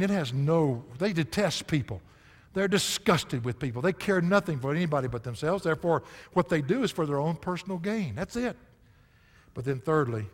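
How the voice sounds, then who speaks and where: A pastor in his sixties delivers a sermon in a folksy storytelling way, often laughing and sometimes booming for emphasis. His man's voice sits a touch high. The sound carries the long reverb of a church hall. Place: church sanctuary.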